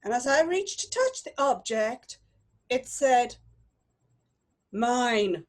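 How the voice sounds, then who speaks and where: A woman improvising a story live, telling it dramatically with long pauses. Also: high voice, sing-song.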